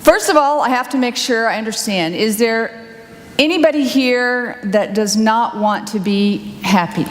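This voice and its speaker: A woman minister giving a sermon, upbeat and teasing, guiding listeners through a quiet reflection. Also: on the high side, moderate pace, slight background noise. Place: church sanctuary. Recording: long hall reverb, faint ambience.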